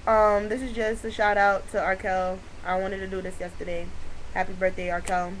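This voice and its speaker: A young woman telling a funny story to her camera in casual slang, excitable and often breaking into laughter. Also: mid-range voice, moderate pace, slight background noise, rough recording. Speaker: vlogger.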